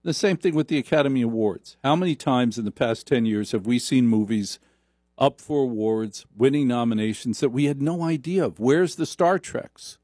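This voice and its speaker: A man's voice: medium pitch, moderate pace, mellow, no room sound, clean studio sound. A man hosting a talk radio show, riffing sarcastically in a rambling comic monologue. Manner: sarcastic, mocks voices.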